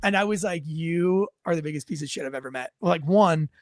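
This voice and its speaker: A man with a fairly high voice chats casually on a livestream, rambling through stories and swearing freely as he acts out other people's lines. The sound is dry and close, with no room around it. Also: a little fast, no room sound. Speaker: host, former police officer.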